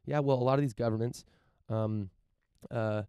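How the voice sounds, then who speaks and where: A man from the United States commenting casually on news and reading passages aloud, halting and repeating words as he searches for his point. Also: mid-range voice, fairly even intonation, mellow, clear, resonant tone, dry recording, highs cut off. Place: outdoors in front of a mansion.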